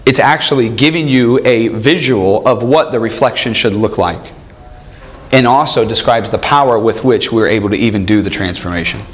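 Speaking at a medium pitch and a moderate pace, a man in his thirties guides a church study group. He poses many rhetorical questions and frequently chuckles while telling stories.

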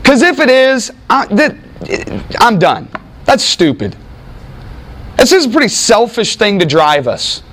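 A man preaching in a conversational Bible teaching, talking with his listeners and acting out quoted speakers with lively emphasis. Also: very high-pitched, measured pace. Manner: animated, acts out quoted speakers, frequent restarts. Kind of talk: conversational sermon with audience interaction.

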